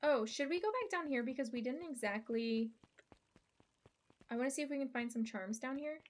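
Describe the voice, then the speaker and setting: High-voiced woman chatting through a game. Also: animated, normal speed. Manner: chatty, giggly asides. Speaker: gaming streamer. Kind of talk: casual let's-play commentary.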